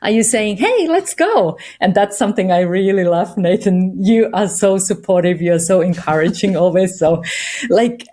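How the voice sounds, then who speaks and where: A woman's voice: lowish voice, steady tone, moderate pace, warm tone. A woman with a non-native English accent, speaking as a guest in an encouraging, reflective interview chat.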